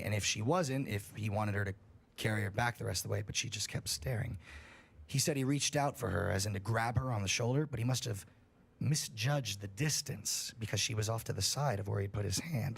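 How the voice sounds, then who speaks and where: Gravelly-voiced man telling a scary story. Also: lowish voice. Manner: profane, animated storyteller. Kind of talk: casual storytelling.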